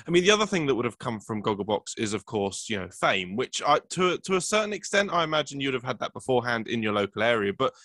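A man hosting an interview, asking questions in a lively, complimentary way. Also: mid-range voice, fast, hardly any pauses, no echo, studio quality. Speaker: interview host. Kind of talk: conversational interview.

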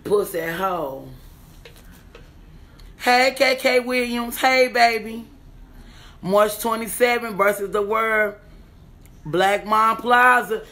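A young adult woman comedian, loud and excitable, swearing freely and chanting words over and over as she unboxes a gift bag on a casual livestream. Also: fairly high pitch, slow pace, long pauses. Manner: loud, excitable, profane, sing-song repeating. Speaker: comedian and businesswoman.

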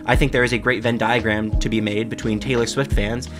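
A man with a mid-range voice running a comedy commentary monologue, full of sarcastic, deadpan asides. He laughs at his own absurd jokes, over faint background music. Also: medium pitch, brisk.

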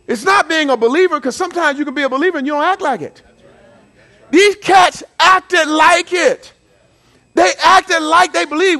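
A man preaching from the pulpit, his voice pitched unusually high and bright. He tells his points in a folksy, playful way, rising to shouts and dropping to near-quiet asides, with a lively, swooping melody. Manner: preaching with rising shouts and dramatic swings of volume; folksy, playful storytelling with acted quotes. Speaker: pastor. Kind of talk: sermon.

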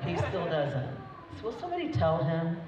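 In a reception hall, the groom's mother delivers a chatty, emotional wedding toast off the cuff, laughing frequently. Her fairly low voice swings widely in pitch at a moderate pace, with music playing behind her. It's a far-off, echoey, dull recording with crowd noise.

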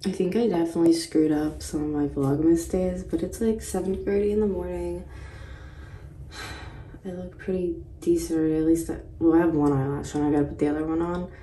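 A woman's voice: fairly low pitch, fairly even intonation, fairly quick, dark tone, recorded from a distance, slight background noise. A woman in her late twenties chatting casually to camera in a morning vlog indoors at a house. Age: late 20s. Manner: chatty, rambling. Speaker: vlogger. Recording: roomy, from off the mic.

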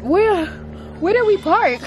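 An excitable, giggly woman chatting casually outdoors on a farm. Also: very high voice, slow pace, over music. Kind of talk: casual vlog chat. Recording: noisy outdoor recording.

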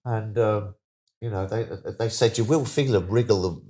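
A middle-aged man tells stories as an interview guest, chatty and animated, slipping into excited voices when he quotes people. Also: fairly low pitch, normal speed. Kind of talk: casual storytelling interview.

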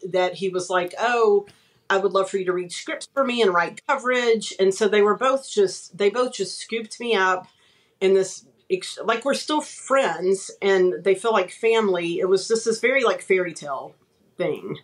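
A woman's voice: medium pitch, normal speed, poor audio. A woman from East Texas, an author guest in a casual interview, modest and easygoing, trailing off with fillers.

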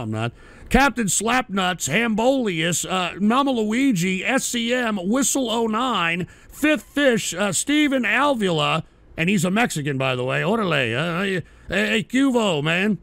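A man's voice: sits high, vocal fry, a bit bright, dry recording. A man hosting a live talk stream who reads out chat names in a profane, sarcastic ramble. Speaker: streaming talk show host.

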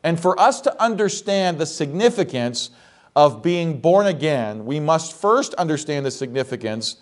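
A man's voice: fairly high pitch, sing-song, normal speed. A man, the pastor, preaching a sermon in a church, reading scripture aloud and asking the congregation rhetorical questions.

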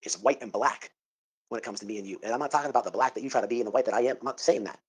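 A middle-aged man making a prank phone call on a live stream, loud, exasperated and rambling, repeating his words. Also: mid-range voice, very fast, slightly rough.

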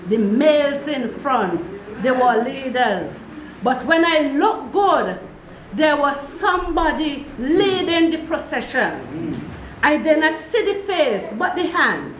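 A woman's voice: high-pitched, very animated, slow pace. A woman telling a personal story as a tribute at a funeral service, earnest and repeating her phrases as she goes. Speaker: mourner giving a tribute. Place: church or hall at a funeral service. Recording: echoey room with background noise.

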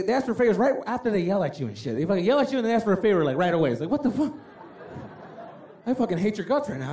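Animated, high-pitched stand-up comedian. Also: male voice. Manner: animated storytelling, lots of profanity, acts out voices. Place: large venue before a live audience. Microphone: handheld stage mic. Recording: live stage recording with audience laughter.

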